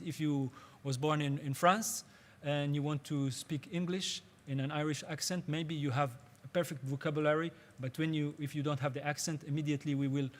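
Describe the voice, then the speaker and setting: Male workshop teacher, slightly raised pitch, patient and halting, searching for English words. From Israel. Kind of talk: spoken workshop lecture.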